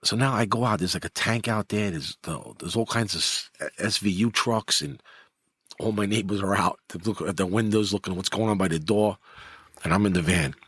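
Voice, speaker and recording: Husky middle-aged new guy spinning a story, acts out every quote, dry close sound. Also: brisk, no room sound. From New York. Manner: animated, acts out quotes with rising pitch. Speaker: guest, former mob enforcer. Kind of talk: casual storytelling.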